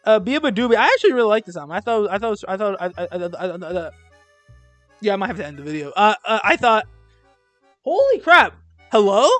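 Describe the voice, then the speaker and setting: A man's voice: sits high, big pitch swings, a little fast, a bit bright, no echo, faint music behind. A young man giving casual, blunt and sarcastic commentary as he ranks albums, rambling with lots of fillers. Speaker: video creator ranking albums. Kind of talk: casual rant-style commentary.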